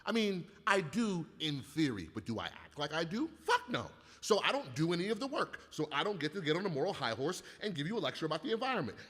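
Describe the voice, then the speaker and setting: Loud, profane ranting man in reverb. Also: a little high, big pitch swings, fast talker, few pauses. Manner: profane, rambling storyteller who rants loudly. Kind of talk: casual chat. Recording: long hall reverb.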